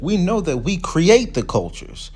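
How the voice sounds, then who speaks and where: A man hosting a commentary video, reading quoted passages slowly and then breaking into loose, casual remarks. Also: high-pitched, sing-song, a little mellow, husky. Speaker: video host.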